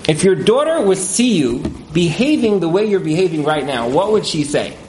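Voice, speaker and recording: A man speaking as a marriage counselor in a casual interview, animated, with many fillers, and acting out the couples he quotes. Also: on the high side, moderate pace, roomy sound, a little hiss or hum, rough recording.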